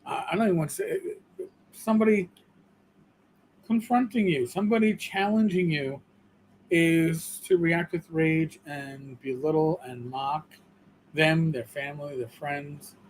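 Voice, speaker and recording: Emphatic New York male co-host, high voice, faint noise behind. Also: measured pace, rough recording. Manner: emphatic, repeats and restarts words. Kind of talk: casual livestream discussion.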